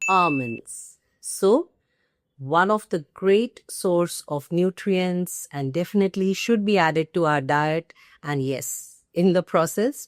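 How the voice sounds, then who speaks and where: A woman with an Indian English accent hosts an English pronunciation lesson. She speaks slowly and deliberately, and she leans hard on each word she corrects. Her voice sits a little low and sounds dry and close. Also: no echo. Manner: emphatic, repeats key words slowly. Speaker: English teacher.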